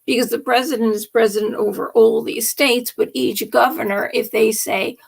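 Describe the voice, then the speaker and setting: A woman's voice: on the high side, fairly even intonation, normal speed, vocal fry, breathy edge. A woman hosting a late-night live stream, talking through politics and faith in a rambling, emphatic monologue that often drops to a whisper.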